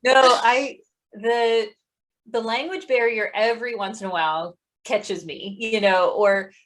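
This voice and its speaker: A woman's voice: fairly high pitch, fairly even intonation, a little slow. A woman hosting an interview podcast, asking questions in an easygoing, conversational way. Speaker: podcast host. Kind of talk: casual interview chat.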